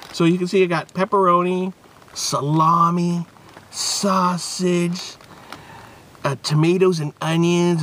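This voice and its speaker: A man's voice: high voice, a little hiss or hum. A man hosting a casual, jokey food review vlog. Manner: playful, animated, jokey.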